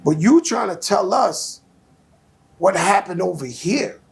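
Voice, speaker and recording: A man talking heatedly and profanely as an interview guest, telling stories with animated, blunt phrasing. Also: sits high, slow pace, vocal fry, breathy edge. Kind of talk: heated casual interview talk.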